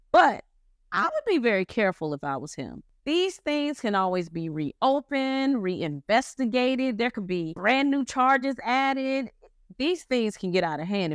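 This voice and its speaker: A woman's voice: mid-range voice, no echo. Slangy woman telling a story, dry sound. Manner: slangy, animated retelling with acted quotes. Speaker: commentary host. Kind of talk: casual storytelling commentary.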